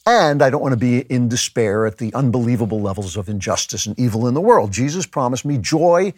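Husky-voiced man musing on faith. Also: mid-range voice, animated, fairly quick, a little mellow, no room sound, clean studio sound. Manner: conversational, musing, with frequent restarts. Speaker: podcast host. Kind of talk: reflective spoken monologue.

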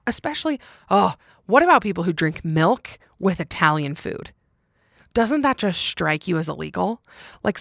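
A woman's voice: on the low side, creaky, a bit bright, dry recording, studio quality. Chatty opinionated young woman podcaster. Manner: chatty and opinionated, laughing often. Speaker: podcast host. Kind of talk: casual solo podcast chat.

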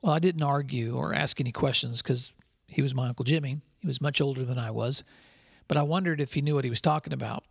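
A man hosting a podcast for school leaders, telling a story in an earnest, measured way. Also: mid-range voice, creaky, breathy edge, no echo, clean studio sound. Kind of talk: scripted podcast monologue with storytelling.

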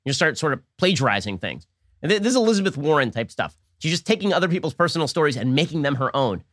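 A man's voice: a little high, sing-song, a bit bright, no room sound, clean studio sound. A man hosting a political commentary show, talking in a sarcastic, mocking monologue. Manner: sarcastic, mocking, rapid-fire.

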